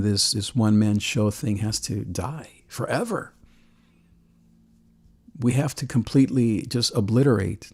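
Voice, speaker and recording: A man hosting a call-in show, talking earnestly and emotionally about faith and love, with frequent restarts and soft laughs. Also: lowish voice, vocal fry. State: choked with emotion. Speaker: host.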